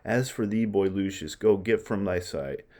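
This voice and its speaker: Guy reading as a grief-wrecked old roman dad swearing revenge, low voice, declaims the verse. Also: normal speed, dark tone, natural voice. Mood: grim. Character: grieving old Roman father vowing revenge.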